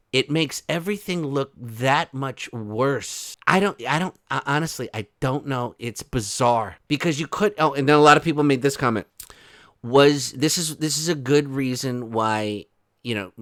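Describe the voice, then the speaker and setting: A man's voice: medium pitch, fairly bright tone, no room sound. Incredulous rambling male commentator, dry sound. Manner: incredulous, rambling with many restarts. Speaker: online commentary host. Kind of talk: casual commentary.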